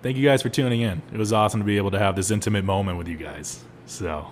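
A young man hosting a solo podcast, telling stories animatedly with laughs and loud exclaims. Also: on the low side, fast talker, slight background noise. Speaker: podcast host.

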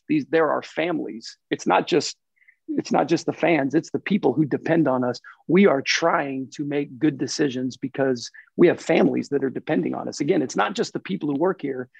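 Husky man guest, earnest and reflective, a bit high for a guy, dull lo-fi sound. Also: darkish tone, no echo. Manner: earnest, reflective, repeats himself. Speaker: racing team president, guest. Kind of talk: casual interview talk. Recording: dull lo-fi recording.

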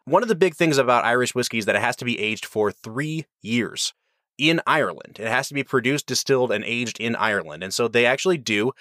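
A man's voice: medium pitch, lively intonation, a little fast, fairly bright tone, dry recording, clean studio sound. A man hosting a whiskey review, explaining and chatting in an enthusiastic, rambling way. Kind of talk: casual review chat.

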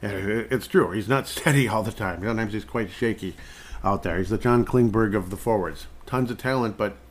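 A man's voice: lowish voice, fairly quick, slight background noise. A man hosting a podcast in casual sports chat, rambling along and chuckling between thoughts. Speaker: podcast host.

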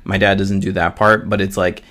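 A man's voice: deep voice, level tone, moderate pace, fairly bright tone. A man co-hosting a podcast, talking casually about movies in a rambling way with many fillers. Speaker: podcast co-host. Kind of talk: casual chat. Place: small studio.

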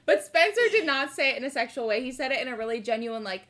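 Young woman co-host, high and bright, animated recapper with a loose mouth. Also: fast. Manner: animated storytelling, acts out characters, swears freely. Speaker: podcast co-host. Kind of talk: casual rewatch podcast chat.

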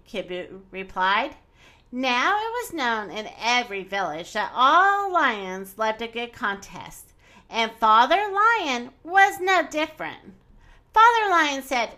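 A woman reading a children's storybook aloud in an expressive, animated way. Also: fairly high pitch, unhurried.

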